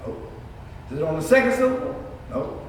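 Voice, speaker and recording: A man leading a children's music lesson, asking questions and waiting for answers, sometimes spelling words out slowly. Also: very high-pitched, sing-song, a little hiss or hum. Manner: questions and call-and-response. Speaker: music teacher. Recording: echoey hall, far mic.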